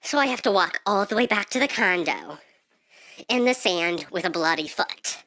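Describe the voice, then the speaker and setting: A woman tells a vacation mishap to camera in a bright, sharp voice. Her pitch swings widely, and she often leaps into shrill, shouted outbursts. The delivery is melodramatic and exaggerated. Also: expressive, normal speed, no room sound. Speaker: vlogger. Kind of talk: dramatic storytime monologue.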